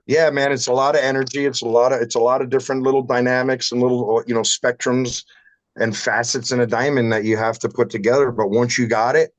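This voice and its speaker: A man's voice: medium pitch, little pitch movement, brisk, no room sound, poor audio. A man who runs a shower door shop, chatting casually on a livestream and telling rambling anecdotes with some salty language.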